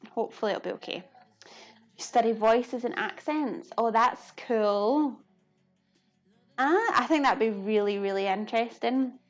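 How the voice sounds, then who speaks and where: A woman with a Glasgow-area Scottish accent, chatting casually while cooking and reading comments, laughing often at herself. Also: fairly high pitch. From Scotland. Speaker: live cooking streamer.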